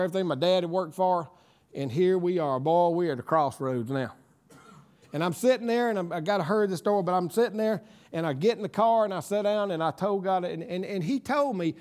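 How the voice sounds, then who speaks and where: Preacher guy, high voice, gets teary then shouts hallelujah, sermon testimony. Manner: emotional, tearful storytelling that rises to shouted praise.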